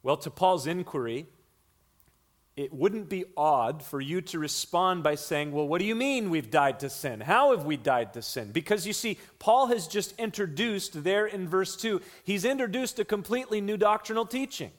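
A man preaching an expository sermon, earnest, slowing down for emphasis and repeating key lines. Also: high voice, lively intonation. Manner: earnest teaching, shifts between slow emphasis and quick runs. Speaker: pastor.

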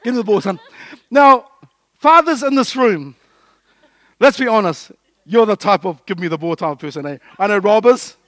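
High-voiced lively male preacher, dry sound. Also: moderate pace, no room sound. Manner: lively, jokey, acts out little scenes. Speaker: pastor. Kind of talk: sermon.

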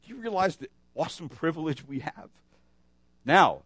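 A male pastor preaches a sermon in a fairly high-pitched voice at normal speed, shifting between emphatic declarations and a casual storytelling style full of fillers. His preaching is animated, with rising emphasis and storytelling asides. The recording is dry, with clean studio sound.

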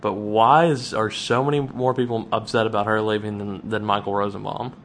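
Ranting male podcast co-host. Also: fairly quick. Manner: animated, restarts often, rants with rising pitch. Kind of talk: casual chat.

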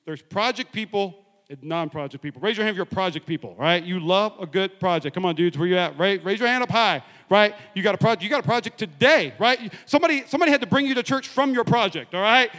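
A man preaching a lively sermon in a large church, joking and rallying the congregation. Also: sits high, quick pace, big-room sound. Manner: energetic, joking, rallying the crowd with call-and-response. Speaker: pastor.

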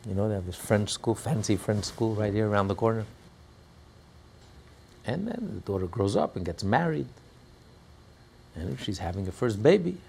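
A man teaching a class on a religious text, telling stories in an animated way and breaking into loud cries when he acts out quotes. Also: on the low side, normal speed, creaky, pauses often, a little hiss or hum. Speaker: Torah teacher.

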